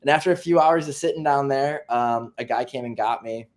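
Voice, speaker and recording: A man's voice: mid-range voice, fairly quick, a little mellow. A man in his twenties, a pro soccer player, telling a story in a casual interview. He laughs mid-story and acts out what people said. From United States. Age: 20s. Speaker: professional soccer player, guest.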